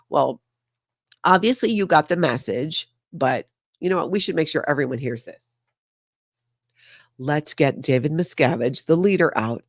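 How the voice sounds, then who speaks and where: A woman's voice: very deep voice, lively intonation, normal speed, no room sound. A woman hosts a casual livestream recap, sarcastic and chatty as she talks directly to her viewers. The recording is dry and close, with no room sound around her voice. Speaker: host of a news recap channel.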